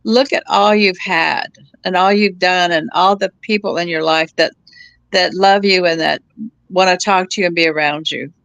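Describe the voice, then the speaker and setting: A woman's voice: lowish voice, fairly even intonation, moderate pace, vocal fry, no room sound. A woman in her seventies, a guest chatting casually, telling personal stories with easy laughter and frequent restarts. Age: 70s. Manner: warm storyteller, laughs easily, restarts phrases. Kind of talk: casual chat.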